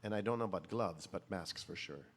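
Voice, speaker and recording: A middle-aged man, chatting casually and softly on a home livestream, mixing in phrases. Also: deep voice, a little fast, breathy edge. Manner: soft-spoken, mixes in Filipino phrases. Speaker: singer hosting a livestream. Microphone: phone or laptop on a livestream.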